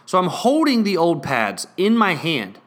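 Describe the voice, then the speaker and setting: Young man, bright pitch, ranting storytime vlogger, sarcastic, stammers and swears nonstop. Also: huge pitch swings, a little slow. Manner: swears constantly, stammers and repeats words; irritated, sarcastic retelling. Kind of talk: profane storytime rant.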